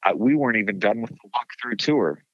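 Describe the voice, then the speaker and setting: Animated man with a low voice. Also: fairly quick, no room sound. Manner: animated storyteller, laughs often. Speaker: caretaker of a haunted site. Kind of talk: casual interview chat. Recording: dull lo-fi dry sound.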